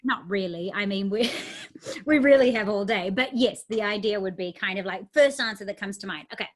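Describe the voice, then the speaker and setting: A woman hosting a casual chat, chatty and playful as she asks quick-fire questions. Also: mid-range voice. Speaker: host.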